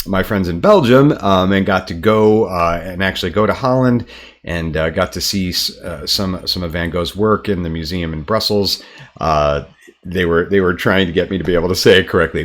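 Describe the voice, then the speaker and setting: An American man, an artist and art teacher, talking casually to camera in his studio, relaxed and chatty with frequent ums. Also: sits low, normal speed. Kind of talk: casual explanatory talk to camera.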